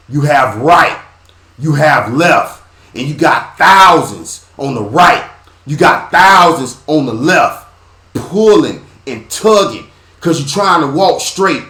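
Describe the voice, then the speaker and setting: A man hosting a podcast, delivering a preachy sports monologue in repeated rhythmic phrases, dropping low and quiet, then rising loud and high. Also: roomy sound. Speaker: podcast host.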